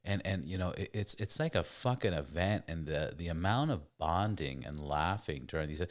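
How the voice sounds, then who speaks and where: A deep-voiced man in a loose, heated chat who swears freely and trips over his own words. His voice rises and falls a lot as he argues his point. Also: moderate pace, hardly any pauses. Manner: animated, swears often, stammers and repeats words. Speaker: podcast host. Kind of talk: casual debate.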